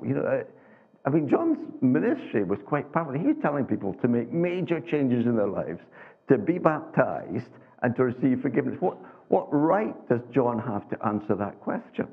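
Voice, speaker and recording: A man's voice: medium pitch, sing-song, breathy edge. A man preaching a sermon in a conversational way, full of restarts and rhetorical questions. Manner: conversational, halting with many restarts and rhetorical tags. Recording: tinny phone-like sound.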